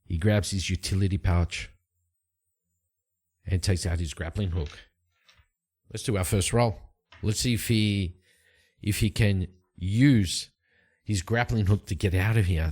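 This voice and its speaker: A man's voice: lowish voice, measured pace, long pauses. A man narrating a solo tabletop game in a casual, rambling way, with frequent fillers.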